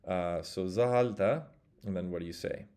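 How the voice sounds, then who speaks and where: Male language teacher, lowish voice, casual and step-by-step, models example phrases slowly for learners. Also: mellow. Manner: explains step by step, models phrases slowly and leaves pauses for practice. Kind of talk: casual spoken language lesson.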